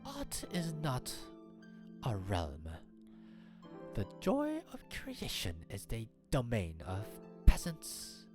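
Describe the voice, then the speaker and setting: Woman putting on a proud young bird aristocrat, breathy half-whisper, swooping pitch, music behind. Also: full character voice. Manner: proud, stiff and formal, sighing. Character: haughty aristocratic young male bird noble. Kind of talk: reading a game aloud on stream.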